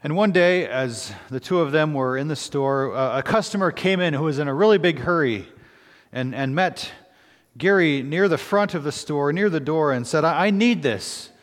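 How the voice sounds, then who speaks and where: A man, a pastor, preaching a sermon, reading scripture, then telling a story in an earnest, halting way with pauses and restarts. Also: on the high side, in a large hall.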